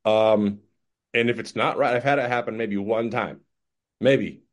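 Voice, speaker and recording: A man giving casual sales coaching, lively and acting out customer conversations. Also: on the low side, unhurried. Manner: animated, acts out customer dialogues.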